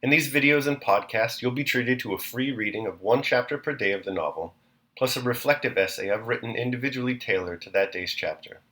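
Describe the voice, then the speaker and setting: A man hosting and reading a classic novel aloud chapter by chapter, in a measured, clear narration. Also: mid-range voice, pushed and bright. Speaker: host and reader. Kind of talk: audiobook narration.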